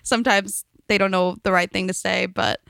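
Young woman, podcast co-host, casual chat, animated storytelling, bright tone, dry close sound. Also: medium pitch, normal speed, gravelly, clear, resonant tone, no room sound. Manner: chatty storyteller, acts out quotes with laughs.

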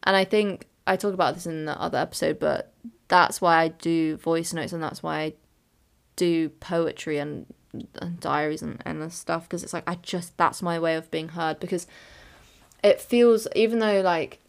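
A young woman talks alone on her podcast, candid and meandering, circling back to fix what she just said. Her voice sits a little low and crackles with steady vocal fry. It sounds like a personal, reflective monologue. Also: normal speed. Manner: candid, rambling, full of fillers and self-corrections. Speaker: podcast host.

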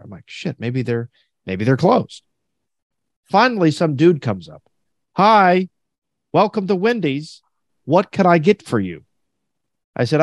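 This male podcast host, medium in pitch, spins animated stories in a casual conversation, performing other people's dialogue himself. The sound is clean studio audio without echo.

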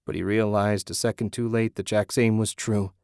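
Low-voiced male audiobook narrator. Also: little pitch movement, normal speed, a little mellow, clear, resonant tone, no echo, clean studio sound. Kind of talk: scripted narration.

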